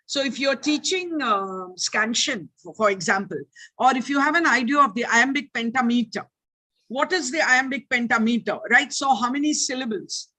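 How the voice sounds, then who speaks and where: Forceful older woman with an indian accent. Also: high voice. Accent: Indian English. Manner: animated, teacherly, checks listeners with "right?". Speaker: lecturer. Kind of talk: online lecture Q&A. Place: online video meeting. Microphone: video call.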